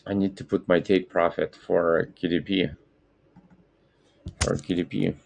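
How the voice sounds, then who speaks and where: A man with a deep, gravelly voice hosts a casual live market stream. He talks slowly and meanders, stopping often to correct himself and apologize. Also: level tone, darkish tone. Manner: rambling, self-correcting, apologetic. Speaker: trading stream host.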